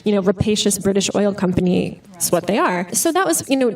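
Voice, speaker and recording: A woman author telling stories in a live interview at a bookstore, animated and full of "like" and "you know". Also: medium pitch, brisk. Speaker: author guest. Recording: distant mic at live event.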